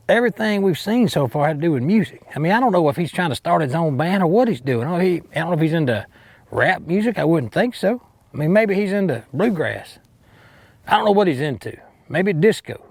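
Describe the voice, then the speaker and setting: An actor playing a bumbling, boastful redneck Bigfoot hunter with an Alabama Southern drawl, rambling and cocky in a mock outdoor show. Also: male voice, a little high, gravelly. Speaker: hunting show host character.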